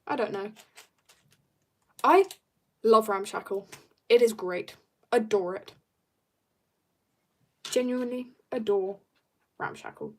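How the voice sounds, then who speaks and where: A woman's voice: fairly high pitch, slow, pauses often. A young woman chatting casually while drawing on a livestream, bubbly and joking as she reads viewer comments. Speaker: art livestreamer.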